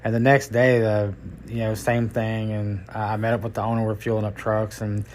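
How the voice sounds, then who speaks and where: A man's voice: lowish voice, flat delivery, moderate pace, a little mellow, slight background noise. A middle-aged man hosting a podcast, telling his work stories in a casual, folksy, rambling way. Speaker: podcast host and tow truck driver. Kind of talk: casual storytelling.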